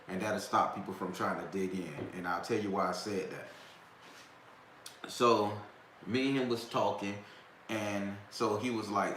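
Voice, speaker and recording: Rambling low-voiced man in an echoey room. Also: a bit bright. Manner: rambling, with restarts and slang. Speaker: host of a talk stream. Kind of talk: casual storytelling to viewers. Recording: echoey room with faint background noise.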